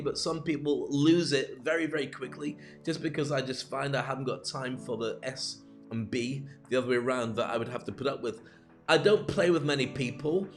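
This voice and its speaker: Candid man with a higher voice. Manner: candid, storytelling, numbered points. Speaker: host of a self-help live show. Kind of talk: motivational monologue.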